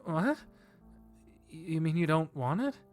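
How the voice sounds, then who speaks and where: A man's voice: a little high, lively intonation, takes it slowly, faint music behind, pitched above the performer's own voice. A man voicing a shy, earnest young son who stammers. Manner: hesitant, stammering.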